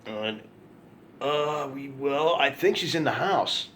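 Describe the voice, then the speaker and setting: A man's voice: medium pitch, lively intonation, slow pace, a bit bright, slight background noise. A man telling an angry, profane story to camera in a ranting monologue, repeating himself for emphasis. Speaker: vlogger.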